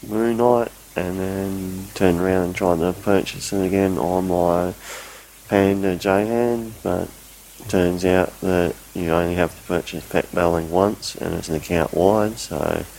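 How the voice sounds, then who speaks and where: A man's voice: sits low, vocal fry, warm tone, slight background noise, low-quality recording. A man rambling through a casual recorded voice report, poking fun at himself. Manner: rambling, self-mocking. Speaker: listener sending a recorded report.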